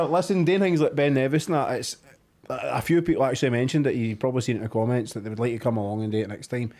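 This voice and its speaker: A man's voice: mid-range voice, a little mellow. A Scottish man co-hosting a podcast, joking around and then talking earnestly about a charity cause. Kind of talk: casual chat.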